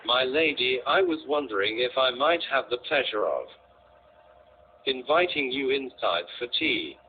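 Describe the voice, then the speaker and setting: A courteous young cultivator, soft-spoken and polite, as a man reads him in a storybook. He speaks slowly, through a thin, tinny sound with faint hiss. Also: medium pitch, lively intonation, close to an everyday voice. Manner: polite, gentle.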